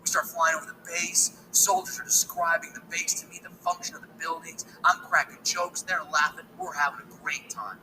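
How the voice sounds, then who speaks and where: A man doing stand-up comedy, telling an animated story full of acted-out voices. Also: fairly high pitch, a little fast, hardly any pauses, a little hiss or hum, rough recording.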